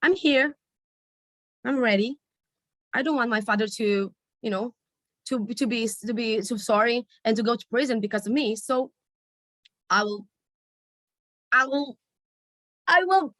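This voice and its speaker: A woman's voice: a little high, animated, fairly quick, breathy edge, no echo. A woman voicing a strong, determined young daughter who speaks earnestly. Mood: earnest prayerful.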